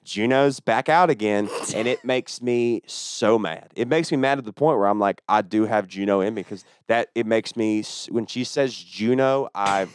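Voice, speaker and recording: A man, a stand-up comedian, telling a story on a podcast in an animated, profane and exasperated way. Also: lowish voice, normal speed, few pauses, clean tone, dry recording. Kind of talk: casual storytelling chat.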